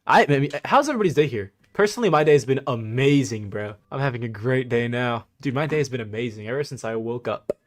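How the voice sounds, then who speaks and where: A man's voice: mid-range voice, expressive, fast talker, hardly any pauses. Young male streamer, mocking, slangy, laughs often while commenting. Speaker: livestream host. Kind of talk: casual livestream commentary.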